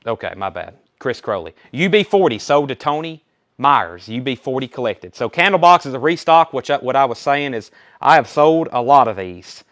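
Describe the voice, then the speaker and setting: A young man hosting a live record sale, chatty and quick to rattle off titles and prices. His voice is smooth and clear, pitched in an ordinary middle range for a man. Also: expressive, a bit bright. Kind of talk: casual live sales stream.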